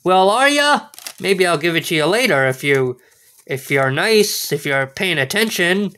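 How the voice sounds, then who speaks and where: A man's voice: a little high, moderate pace, bright, forceful tone. A man hosting a casual card-opening video, goofy and playful, full of exclamations and wordplay. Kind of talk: casual unboxing commentary.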